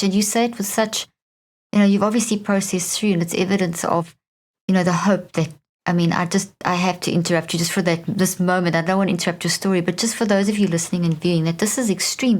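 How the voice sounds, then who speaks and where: A woman hosting a podcast interview, empathetic and responsive with frequent soft acknowledgements. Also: fairly low pitch, steady tone, brisk. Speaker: podcast host. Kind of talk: interview conversation.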